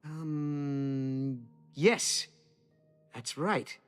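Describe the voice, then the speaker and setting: A man's voice: medium pitch, very slow, fairly bright tone, clear, resonant tone. A fretful male merchant in a video game frets and apologizes in a mid-range voice. He sounds anxious and wordy. Faint game music sits underneath. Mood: remorseful.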